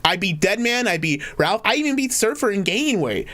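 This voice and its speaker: A man from the United States hosting a casual call-in podcast, easygoing and halting, often repeating himself. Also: high voice, sing-song, pushed and bright. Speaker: podcast host.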